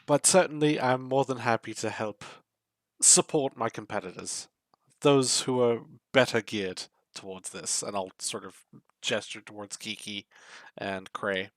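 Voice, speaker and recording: A man playing a tabletop game, answering in character with measured, polite composure. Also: on the low side, a bit bright, dry recording. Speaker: player. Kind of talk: in-character tabletop role-play.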